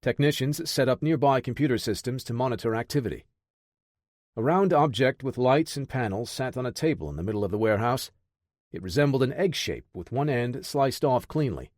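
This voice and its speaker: A man narrating an action audiobook in a steady, measured voice. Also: mid-range voice, dry recording, studio quality.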